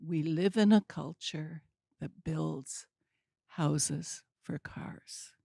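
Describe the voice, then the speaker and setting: An older woman telling a story at a community talk, deliberate and wry with dry humor. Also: low voice, creaky, dark tone, breathy edge, no echo.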